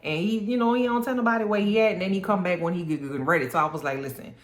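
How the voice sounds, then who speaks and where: A woman recapping a TV episode in a casual, animated, sassy way, full of slang. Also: medium pitch, rapid-fire. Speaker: TV recap vlogger. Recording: roomy room with faint music.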